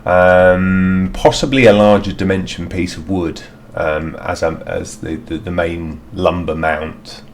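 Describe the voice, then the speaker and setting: Low-voiced man rambling through a review. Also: fairly even intonation, slow, hardly any pauses, slight background noise. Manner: rambling, hesitant, lots of fillers. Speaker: DIY reviewer. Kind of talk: casual outdoor product review. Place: outdoors in a garden.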